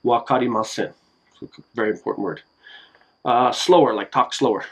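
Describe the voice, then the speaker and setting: A man casually explaining simple phrases in a home video lesson, relaxed and slow, with many fillers. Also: mid-range voice, slightly rough, poor audio.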